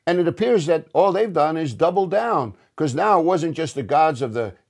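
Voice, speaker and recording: Male pastor, sermon delivery, slightly higher voice, earnest and conversational, stumbles and restarts. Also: expressive, moderate pace, gravelly, darkish tone. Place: church.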